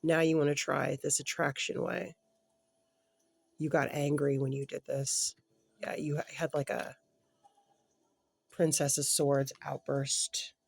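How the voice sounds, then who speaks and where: A tarot reader giving a casual spoken reading to an unseen client, thinking aloud in a halting, self-correcting way and staying gentle and sympathetic, sometimes sinking to a soft murmur. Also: mid-range voice, little pitch movement, creaky, slightly rough. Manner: gentle, empathetic, drops to a soft murmur at times.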